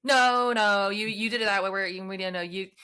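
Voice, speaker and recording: A woman's voice: mid-range voice, fairly even intonation, brisk, bright, forceful tone, clean tone. A woman from the United States with an American accent, hosting a podcast and chatting over a video call, laughing often. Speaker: podcast host. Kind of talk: casual chat.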